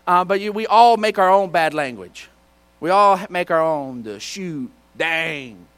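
A man preaching a sermon in church, telling folksy stories and now and then shouting out a line. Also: sits high, animated, unhurried, smooth. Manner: folksy storytelling with bursts of shouting. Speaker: pastor.

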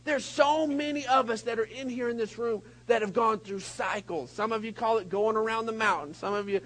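A man preaching a sermon to a congregation, telling a story with sudden shouted bursts and quiet asides. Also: high voice, brisk, poor audio. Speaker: pastor. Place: church hall before a congregation.

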